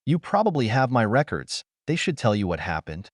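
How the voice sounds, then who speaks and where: A man's voice: medium pitch, very animated, fairly quick, no room sound, clean studio sound. A man voicing a battle-worn male soldier who talks in a blunt, bitter, growling way. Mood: gruff. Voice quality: gruff, growling.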